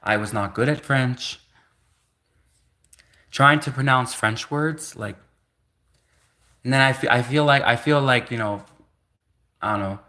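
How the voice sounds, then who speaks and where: A man's voice: medium pitch, a little slow, long pauses, pushed and bright. A man in his thirties on a livestream, rambling casually with lots of fillers and restarts. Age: 30s. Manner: rambling, many restarts and "like" fillers, laughs between thoughts. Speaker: livestream host.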